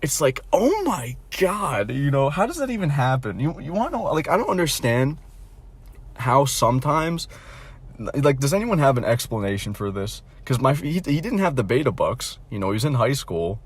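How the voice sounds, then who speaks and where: A man's voice: mid-range voice, big pitch swings, moderate pace, breathy edge. Give me a blunt young man in a casual vlog rant, mocking and profane, stumbling over restarts. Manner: rambling, profane, full of fillers and restarts. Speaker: vlogger.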